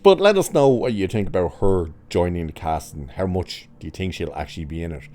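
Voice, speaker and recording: A man's voice: low-pitched, expressive, a little fast, warm tone. A man giving casual, opinionated commentary, sarcastic and exasperated, laughing at his own jokes. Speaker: pop culture commentator.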